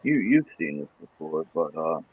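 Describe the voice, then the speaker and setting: A man's voice: extremely low pitch, big pitch swings, moderate pace, slightly rough. Male streamer, rambling casual host, tinny phone-like audio. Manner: loose, meandering, with frequent fillers.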